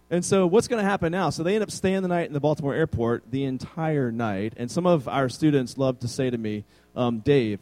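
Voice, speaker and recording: A man's voice: on the high side, a little mellow, low-quality recording. A male pastor preaching a conversational sermon with self-deprecating humor.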